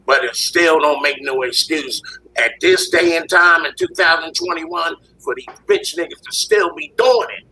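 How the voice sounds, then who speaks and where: A man on a discussion panel with a hoarse, husky voice from a recent illness, ranting heatedly and swearing a lot. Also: a little high, moderate pace, bright, forceful tone, poor audio.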